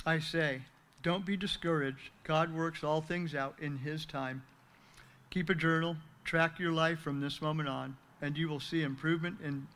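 A man's voice: on the high side, a bit bright, a little hiss or hum. A man reading his prepared recovery testimony aloud, earnest and heartfelt, thanking those who helped him. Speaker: speaker sharing recovery testimony.

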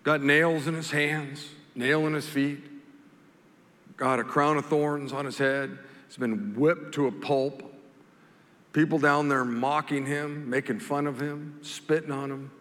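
A male pastor preaching a sermon, swinging from loud, emphatic scripture quotes to soft, slow reflection. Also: on the high side, fairly even intonation. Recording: long hall reverb.

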